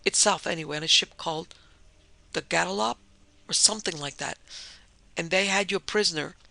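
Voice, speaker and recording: Guy doing a scared young woman, teary and rushed, kinda gravelly, bright edge, super dry audio. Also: high-pitched, no echo, heavily acted. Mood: breathless. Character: frightened young woman, sobbing and plain-spoken.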